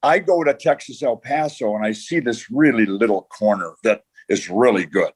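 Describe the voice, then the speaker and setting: An older man, a retired football coach, tells stories from his career as a podcast guest. He rambles, pausing on "uh" and restarting his sentences as memories come back. His voice sits in an ordinary middle pitch. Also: breathy edge. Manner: rambling anecdotes, many "uh" and restarts. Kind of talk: storytelling in a podcast interview.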